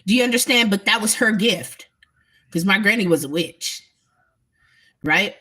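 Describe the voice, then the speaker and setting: A woman's voice: medium pitch, animated, a little slow, bright, forceful tone, husky. A woman talking emphatically and bluntly to her viewers in a casual spiritual livestream, swearing freely. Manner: emphatic, profane, talks straight to viewers.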